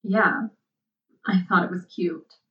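A woman's voice: on the low side, fairly even intonation, slow, far from the mic, lo-fi sound. A woman voicing a casual, prickly woman whose offhand talk turns cutting. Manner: offhand, then sarcastic and venomous.

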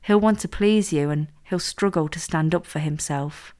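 A woman voices a scheming young woman who coaches her friend with firm, teasing confidence. The voice sits fairly low and sounds self-assured, never hesitant. It comes from a read-aloud story. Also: normal speed, darkish tone, lightly acted. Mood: bossy.

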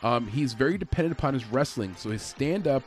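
A man's voice: medium pitch, expressive, brisk, faint music behind. A man giving a casual, conversational breakdown of an upcoming fight, with frequent fillers and restarts. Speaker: MMA fight analyst.

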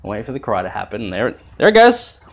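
A young man tells a family tale while cooking at home, his voice swooping widely through its range. He laughs often and swears freely in an easy, animated way. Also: fairly low pitch, quick pace. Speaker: dad telling a family story. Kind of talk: animated casual storytelling.

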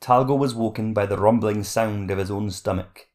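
A man narrating a fantasy audiobook chapter in a steady, measured reading voice. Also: on the low side.

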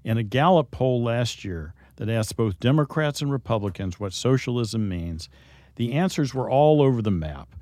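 Talk-show host, man, middle pitch, dry studio sound, teasing and instructive. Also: a little mellow, no echo. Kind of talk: explanatory talk-show commentary.

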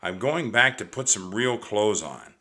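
A man's voice: fairly low pitch, expressive, measured pace, pushed and bright. A man doing a cautious nervous young boy. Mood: uneasy.

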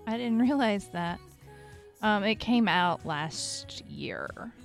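A young woman chats unhurriedly as a podcast co-host, her voice sitting at an ordinary pitch. She jokes easily and slips into giggles, and faint music plays underneath her. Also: animated, slow pace, gravelly. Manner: giggly, jokey, breaks into laughter. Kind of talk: casual chat introducing songs.

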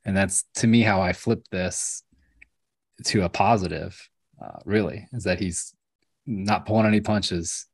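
A man's voice: sits low, fairly even intonation, unhurried, vocal fry, breathy edge. A man co-hosting a casual faith podcast, reflective and hesitant, often repeating words. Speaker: podcast co-host.

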